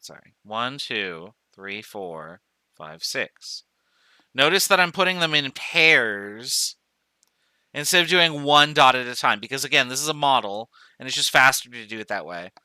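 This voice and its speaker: A man's voice: mid-range voice, animated, a little slow, pushed and bright, clean tone, dry recording. A man teaching chemistry in a recorded lecture, talking through each step aloud, counting as he goes and correcting himself along the way. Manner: talks through steps aloud, counting dots, with self-corrections. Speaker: chemistry professor.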